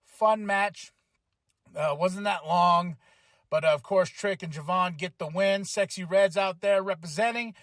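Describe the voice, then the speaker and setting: A man hosting a podcast, recapping a wrestling show in casual chat, excitable, laughing and acting out what people said. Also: high voice, measured pace, no echo. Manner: excitable, acts out quotes, swears, laughs often. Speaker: podcast host.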